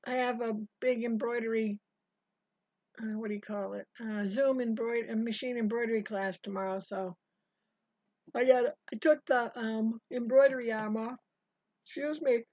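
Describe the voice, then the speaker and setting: A woman's voice: on the high side, steady tone, moderate pace, darkish tone, dry recording. An older woman chatting casually as she teaches a live sewing stitch-along, rambling and greeting viewers by name. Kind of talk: casual live tutorial chat. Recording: dry, dull lo-fi stream audio.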